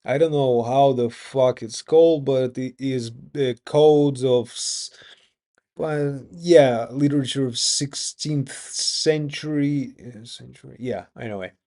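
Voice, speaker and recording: Slow, mellow Russian-accented man. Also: medium pitch. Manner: rambling, swears often, self-interrupting. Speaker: vlogger. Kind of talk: casual monologue.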